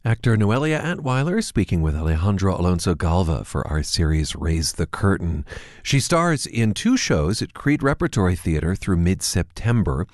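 A man's voice: deep voice, a little mellow, dry recording, studio quality. A man reading a scripted radio program outro in a polished announcer style. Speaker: radio host.

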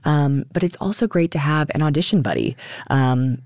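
A woman stage actor speaks in an animated, expressive way, slipping into little acted-out quotes. Her voice carries a gravelly edge, and the studio sound is dry and close. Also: sits low, moderate pace, no room sound. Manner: animated, laughing, acts out quotes. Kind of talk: radio interview conversation.

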